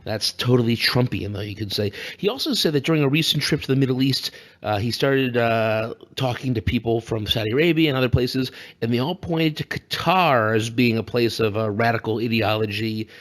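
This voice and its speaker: A man co-hosting a casual political podcast, with a voice of ordinary pitch. He rambles, jokes and laughs often, and keeps the talk loose. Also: brisk, few pauses. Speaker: podcast co-host.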